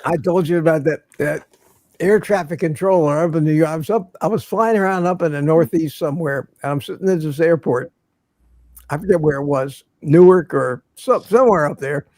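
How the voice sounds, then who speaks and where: An older man with a slightly high voice hosts a laid-back livestream, rambling through stories and laughing at his own jokes. He talks briskly, and the sound is dry and close with no echo or room around it.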